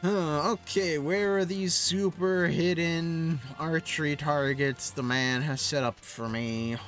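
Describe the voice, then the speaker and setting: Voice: mid-range voice, fairly even intonation, takes it slowly, faint music behind. Laid-back streamer muttering through gameplay. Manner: casual, chuckling, talks to self while playing. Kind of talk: casual live gameplay commentary.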